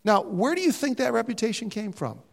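An older man preaching a sermon, animated and jokey, sometimes mimicking other voices. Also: extremely high pitch, fairly quick, vocal fry. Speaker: pastor. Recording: reverberant hall sound.

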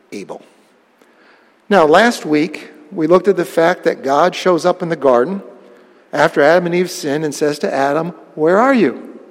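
Guy preaching a sermon, kinda high and gravelly, big emphatic bursts, echoes around the hall. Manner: lively storytelling with bursts of emphasis. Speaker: pastor.

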